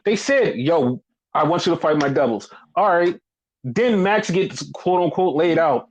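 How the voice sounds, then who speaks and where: A man hosting a podcast, casually recapping wrestling in a profane, animated way and acting out what people said. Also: a little high, a little slow, highs cut off. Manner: animated, profane, acts out quoted lines. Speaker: podcast host.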